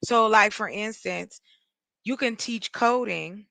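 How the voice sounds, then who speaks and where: A woman in a casual panel chat who speaks her mind bluntly and with emphasis. Her voice is bright and a little sharp, and it is recorded dry and close. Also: medium pitch, takes it slowly, gravelly, no echo.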